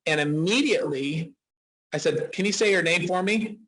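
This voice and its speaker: A man in his forties from Utah speaks as a dentist guest in a relaxed interview. His voice sits a little high for a man, and he tells anecdotes in a loose, chatty way, often restarting his sentences. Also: normal speed, slight background noise, low-quality recording. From Utah, USA. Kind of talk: casual interview storytelling.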